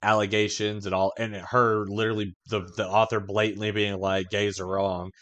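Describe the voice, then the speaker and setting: A man's voice: lowish voice, little pitch movement, moderate pace, a bit bright. A man co-hosting a podcast in casual chat, swearing often and telling rambling stories with frequent laughs. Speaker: podcast co-host.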